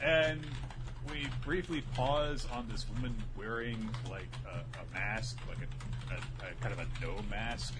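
A man's voice: medium pitch, unhurried. A man co-hosting a podcast, casually recapping an episode and acting out the characters as he goes. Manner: animated storytelling, acting out characters. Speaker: podcast co-host.

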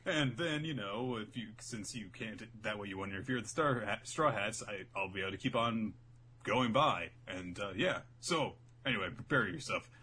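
A man's voice: lowish voice, lively intonation, moderate pace, bright, forceful tone, slight background noise. A man voicing an exasperated young male fighter and proud leader, flustered in tone. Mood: resigned.

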